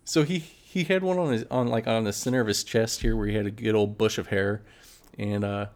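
A man's voice: fairly low pitch, brisk, darkish tone. A young man spins a story in easy, casual chat. He laughs often as he goes and briefly acts out his friends' voices along the way.

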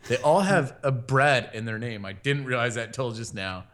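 A man's voice: mid-range voice, moderate pace, a bit bright. Rambling man telling stories on a podcast. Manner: rambling storyteller, acts out quotes. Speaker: podcast co-host. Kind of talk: casual podcast chat.

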